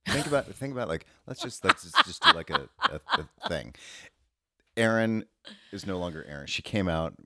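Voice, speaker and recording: Low-voiced man riffing a crude story. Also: very animated, moderate pace, bright, forceful tone, dry recording, clean studio sound. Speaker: podcast co-host. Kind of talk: casual comedic banter.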